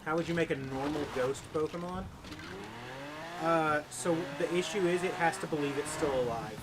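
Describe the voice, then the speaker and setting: A man's voice: fairly high pitch, normal speed, noisy background. A man chatting casually with viewers while streaming a racing game, rambling and joking. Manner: rambling, jokey, chats with viewers. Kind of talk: casual live-stream chat.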